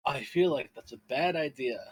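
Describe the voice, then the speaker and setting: A man's voice: medium pitch, normal speed, slightly rough. An Irish man playing a tabletop game, joking bluntly and swearing freely. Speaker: player.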